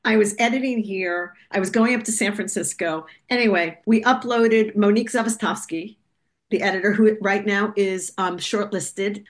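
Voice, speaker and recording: A woman filmmaker telling a lively story on a video call, talkative and animated, acting out the voices of people she quotes. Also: mid-range voice. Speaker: documentary filmmaker, guest.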